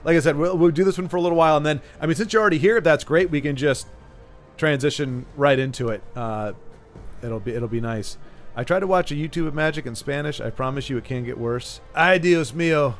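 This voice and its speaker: A man's voice: a little high, quick pace, faint music behind. A man hosting a game stream in casual, rambling chat with many restarts and repeats. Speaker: streamer host.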